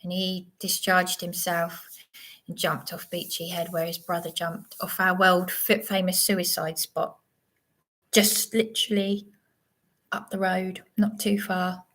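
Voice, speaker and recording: Slow, rambling woman. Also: lowish voice, level tone, fairly bright tone. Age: 30s. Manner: rambling and digressive, with many restarts. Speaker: livestream host. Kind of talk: unscripted livestream monologue.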